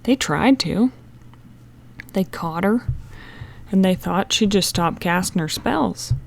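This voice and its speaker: A woman reading an audiobook, voicing a stern superstitious countrywoman who tells a witch legend in a low, intense way. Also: animated, slow pace, creaky, slight background noise. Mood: ominous.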